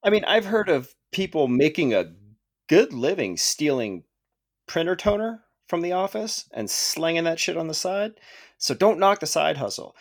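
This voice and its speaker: A man's voice: fairly high pitch, sing-song, normal speed. A man co-hosting a podcast in casual chat, joking and profane with rambling asides. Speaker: podcast co-host.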